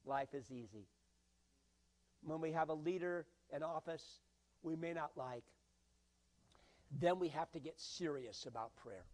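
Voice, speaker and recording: A man preaching a sermon as pastor. He swings from loud bursts to hushed lines and acts out quoted voices. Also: a little high.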